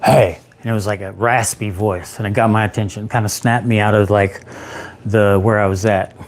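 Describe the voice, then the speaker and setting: A man in his thirties, a peer support specialist, telling his own recovery story on a livestream in an animated way, acting out what he said back then. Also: fairly low pitch, brisk, a little hiss or hum.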